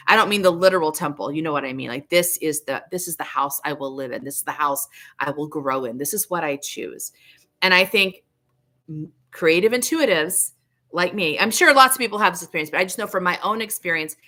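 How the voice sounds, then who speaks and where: A middle-aged woman teaches on a livestream in a lowish, bright, forceful voice. She talks earnestly and searches for words, often circling back to restart a thought. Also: normal speed. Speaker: livestream host, tarot teacher.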